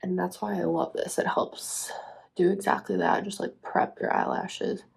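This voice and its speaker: A young woman vlogger chatting casually through her makeup routine, relaxed and chatty with lots of fillers. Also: lowish voice, normal speed, vocal fry, slight background noise. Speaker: vlogger and teacher. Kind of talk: casual get-ready-with-me talk.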